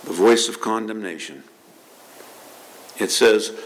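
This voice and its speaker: A male pastor preaches a sermon in a voice of ordinary, middle pitch. He delivers it in an animated way, throws rhetorical questions at the congregation and repeats words as he builds toward his points. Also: unhurried, a little hiss or hum.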